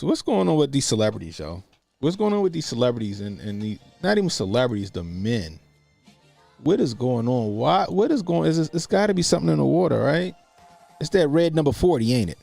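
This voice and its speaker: Gravelly man ranting on a livestream. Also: mid-range voice, big pitch swings, a little fast, mellow, faint music behind. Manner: laughs often, rambling and profane. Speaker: livestream commentary host. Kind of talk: casual profane livestream commentary.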